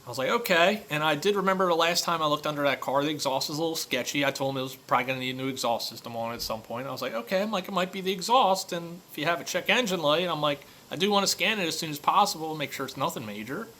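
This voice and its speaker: Male mechanic, casual storyteller, bright tone, faint background hiss. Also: fairly high pitch, rapid-fire, hardly any pauses. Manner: conversational storytelling, many fillers. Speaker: auto repair shop owner. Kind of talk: casual monologue rant.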